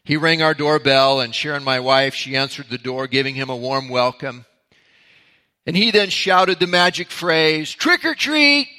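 A man's voice: mid-range voice, moderate pace, sharp tone, smooth. A man, a pastor, giving a conversational Bible teaching that opens with a story from his own life. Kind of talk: sermon-style Bible teaching.

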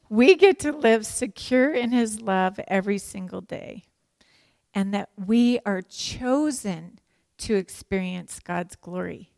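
Woman, Bible teacher, animated sermon, emphatic delivery, joking asides, dry close sound. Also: mid-range voice, slow pace, vocal fry, no room sound. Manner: animated and emphatic, acts out prayers and quotes.

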